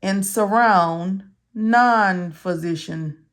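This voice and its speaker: Speaking extremely slowly in a medium pitch, a woman guides listeners through medical coding step by step. It's a tutorial where she keeps repeating key words and asking questions only to answer them herself.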